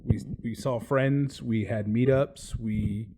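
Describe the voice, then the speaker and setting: Laid-back Texan man, mellow voice. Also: mid-range voice, fairly even intonation, slow. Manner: laid-back, rambling, swears casually. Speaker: podcast co-host. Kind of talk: casual live-stream chat.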